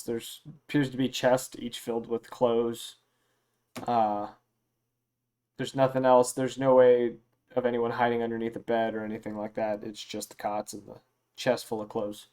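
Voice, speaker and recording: A man narrating a tabletop game as game master, relaxed and loose, with many fillers. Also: mid-range voice.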